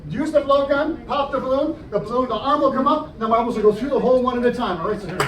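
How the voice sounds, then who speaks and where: A man's voice: very high-pitched, quick pace. A man entertaining a library audience as a juggler, joking and explaining each trick step by step, recorded from a camera out in the audience. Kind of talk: live stage show patter. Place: library program room, indoors. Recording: roomy, distant, noisy audience recording.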